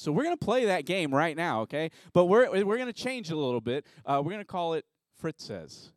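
A man's voice: a little high, no echo, clean studio sound. A man preaching a sermon as pastor in a church, joking around with a game at first and then turning earnest and reflective. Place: church sanctuary.

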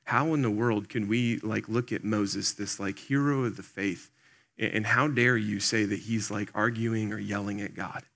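A man's voice: on the low side, steady tone, moderate pace, a bit bright. A man giving a conversational sermon as a pastor, earnest and plain-spoken, talking straight to the congregation with lots of "like" and "um". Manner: earnest, speaks directly to the congregation; loose and plain-spoken, with many "like" and "um".

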